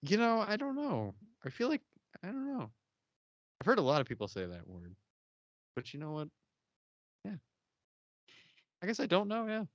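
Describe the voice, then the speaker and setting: A man's voice: sits high, huge pitch swings, moderate pace, long pauses, no room sound. A young man hosting a podcast, chatting casually and laughing often as he acts out characters' lines. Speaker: podcast host. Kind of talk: casual chat recapping a TV episode.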